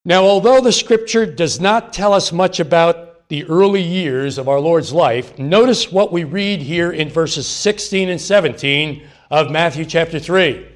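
A man leading a Bible lesson with a slightly higher-than-usual voice. He talks in a measured, deliberate way and keeps a reverent tone. He walks through the text step by step. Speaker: Bible teacher. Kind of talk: scripture reading and Bible study teaching.

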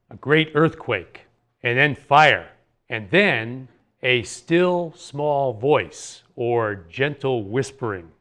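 A man's voice: medium pitch, fairly bright tone. A man giving an earnest Bible teaching talk, explaining a passage verse by verse with rhetorical questions.

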